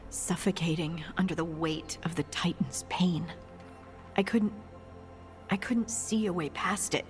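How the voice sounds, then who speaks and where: A game heroine who speaks slowly and thoughtfully, at times nearly breathless. Her voice is low-pitched, with soft music underneath.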